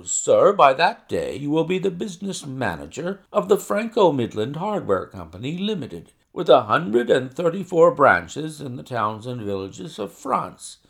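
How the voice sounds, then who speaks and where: A man voicing a brisk, sharp-spoken, bearded financial agent who flatters loudly in a story reading. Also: a little high, vocal fry, pitched above the performer's own voice, full character voice. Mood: boastful.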